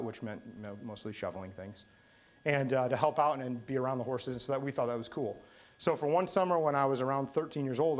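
A man preaching a sermon, telling stories with humor and rising to sudden bursts of emphasis. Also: mid-range voice. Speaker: pastor.

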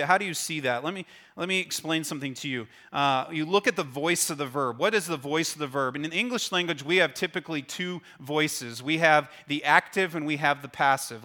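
A man's voice: on the high side, sharp tone. A middle-aged male pastor preaching a sermon, earnestly explaining a passage and often repeating his words as he goes.

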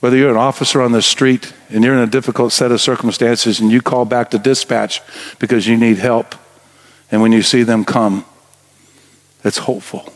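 A man's voice: mid-range voice, fairly even intonation, normal speed. A middle-aged man preaching a sermon as pastor in a church sanctuary, earnest and building to emphatic exhortation.

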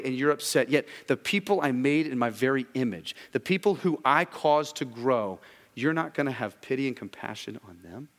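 A man's voice: on the high side, voice pushed up, close to an everyday voice. A man voicing God as a stern adult male scolding a prophet, insistent and chiding, within a sermon. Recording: long reverb of a large hall.

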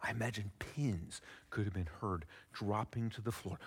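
A male pastor preaching a sermon in an expressive, storytelling way with dramatic pauses. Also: lowish voice, breathy edge. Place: church sanctuary. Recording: long reverb of a church hall.

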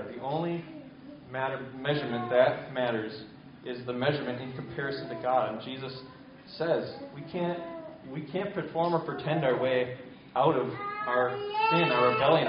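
Conversational preacher in an echoey hall. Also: male voice, mid-range voice, brisk, background noise. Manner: conversational, asks the congregation questions. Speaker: pastor. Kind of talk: sermon. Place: church sanctuary. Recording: echoey hall from far off, dull sound.

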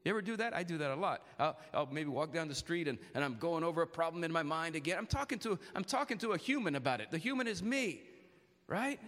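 A man's voice: fairly high pitch, a bit bright, big-room sound. A man preaching a sermon earnestly, asking his congregation questions and restarting his phrases often.

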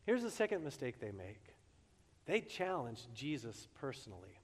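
A man preaching a sermon as pastor, expressive and acting out the quotes he reads, recorded with long reverb in a large hall. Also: medium pitch, moderate pace, slightly rough.

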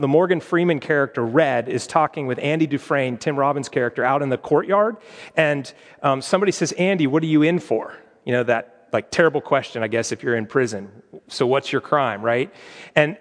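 A man's voice: medium pitch, in a large hall. A man preaching an earnest sermon, acting out the voices in the stories he tells. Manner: earnest, acts out quoted voices. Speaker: pastor.

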